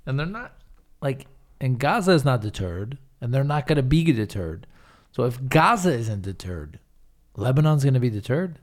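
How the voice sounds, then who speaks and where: A man's voice: mid-range voice, sing-song, moderate pace. Blunt, profane man. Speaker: podcast co-host. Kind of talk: casual chat.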